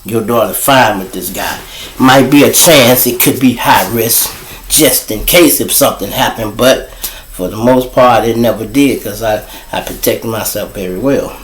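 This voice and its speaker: A man telling casual, profane street stories as host, animated and swearing freely. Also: moderate pace, reverberant, rough recording. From Chicago. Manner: animated, profane, jumps to high voices for quoted people. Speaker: storyteller host.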